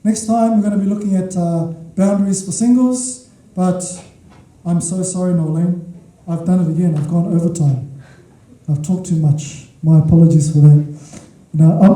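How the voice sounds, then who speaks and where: A man's voice: sits high, mellow. A man preaching a sermon as a pastor, emphatic, repeating his key points and checking in with the congregation. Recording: echoey hall from far off.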